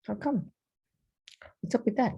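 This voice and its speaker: A woman's voice: on the high side, unhurried, vocal fry, slightly rough, dull audio. A woman with an Argentinian accent teaching a casual programming lesson, thinking aloud with many fillers. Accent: Argentinian Spanish. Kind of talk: casual screen-share coding lesson.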